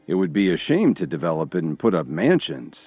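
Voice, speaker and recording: A man voicing a wealthy, commanding husband who shouts when angry. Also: low voice, sing-song, fairly quick, no room sound. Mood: calm. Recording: tinny phone-like sound, faint music.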